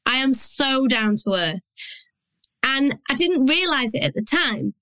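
Yorkshire lady coach chatting on her podcast, no-nonsense, a bit high voiced, dry close sound. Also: big pitch swings, unhurried, bright, forceful tone, no echo, poor audio. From Yorkshire, England. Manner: blunt, down-to-earth, chatty with mild swearing. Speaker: business coach and podcast host. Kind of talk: solo podcast monologue.

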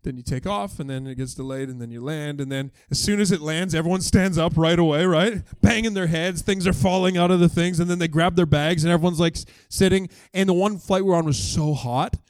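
A man's voice: a little high, brisk, hardly any pauses, no room sound. A male pastor preaching a casual, joking sermon, acting out voices as he tells stories. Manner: animated, joking, acts out quoted voices. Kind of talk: conversational sermon.

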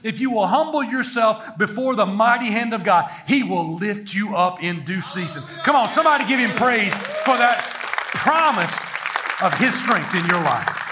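A middle-aged man preaching a sermon, energetic and playful, with humor and stories, leading the congregation in repeating a verse aloud. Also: high voice. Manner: energetic, playful, leads the congregation in call-and-response.

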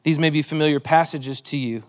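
A man's voice: a little high, fairly even intonation, a little fast. A man preaching a sermon, earnest and emotional, reading scripture with a pleading, dramatic delivery. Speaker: pastor.

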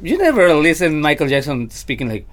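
A man's voice: fairly high pitch, huge pitch swings, a little fast. A man working as a vocal coach who chats casually on a podcast, often repeating words and laughing easily, with slightly phrasing.

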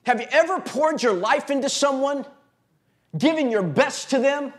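A man preaching a sermon as pastor, impassioned and repetitive, with stammered restarts and sudden drops to a hush. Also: extremely high pitch, expressive, moderate pace. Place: church.

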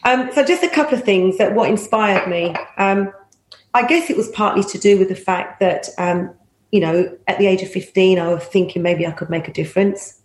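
A woman's voice: medium pitch, normal speed, slight background noise. Middle-aged woman telling anecdotes. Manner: lively, laughs often, acts out quoted voices. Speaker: former police officer, interview guest. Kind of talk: anecdotal storytelling. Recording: roomy echo.

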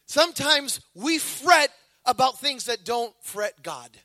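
A man's voice: extremely high pitch, slow, dry recording. A man preaching a sermon, telling stories animatedly and acting out voices. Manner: animated storytelling with acted voices.

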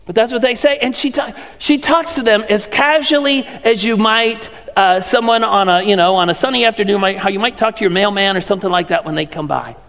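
A man preaches a sermon in a chatty, questioning way, his voice pitched high for a man. The sound carries a long hall reverb. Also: brisk, hardly any pauses, a bit bright. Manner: conversational preaching with rhetorical questions. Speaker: pastor.

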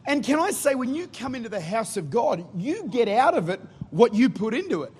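Husky high-voiced preacher. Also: male voice, fairly quick, few pauses. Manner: energetic, rousing the congregation. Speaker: guest preacher. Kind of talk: sermon. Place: church.

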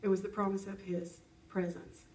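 A woman's voice: mid-range voice, level tone, moderate pace, darkish tone, recorded from a distance, a little hiss or hum, rough recording. A woman preaching a sermon in an earnest, personal way, acting out her own prayers as she speaks.

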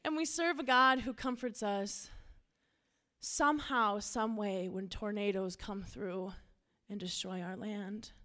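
A woman's voice: medium pitch, slow pace, bright, forceful tone. A woman youth pastor from Minnesota giving an earnest, casual sermon with personal storytelling.

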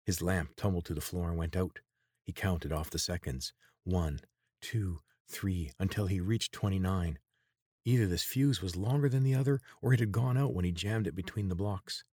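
Deep-voiced male storyteller, dry sound. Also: husky, dry recording. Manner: steady, measured storytelling. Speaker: narrator. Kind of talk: scripted audiobook narration.

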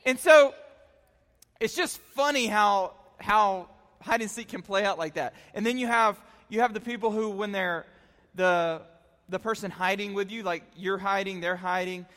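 A man preaching to young people, telling stories in a chatty, excitable way full of filler words. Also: high voice. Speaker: youth pastor. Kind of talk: animated youth sermon storytelling. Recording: long reverb in a hall.

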